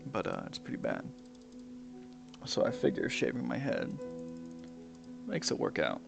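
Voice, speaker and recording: Swearing man with a gravelly voice. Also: medium pitch, huge pitch swings, normal speed, long pauses. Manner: mumbling, swears a lot, drops into whispers. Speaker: gaming streamer. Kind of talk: casual commentary while playing a game. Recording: music playing behind the voice. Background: piano music.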